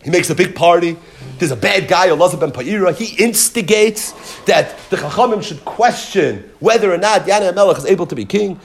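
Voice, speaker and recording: Animated man teaching a text lesson. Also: high voice, brisk, creaky. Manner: animated storytelling, explaining and dramatizing. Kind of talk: Talmud lesson.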